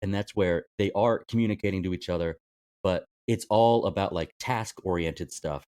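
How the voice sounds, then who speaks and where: Deep-voiced male podcast host. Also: normal speed, darkish tone, dry recording. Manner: hesitant, many restarts, laughs easily. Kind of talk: casual film discussion.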